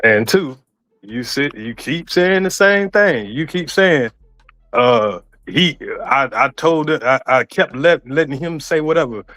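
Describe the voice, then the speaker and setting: A man's voice: fairly high pitch, expressive, a little slow, fairly bright tone. A man arguing on an online panel, defensive and repeating himself. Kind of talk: heated argument.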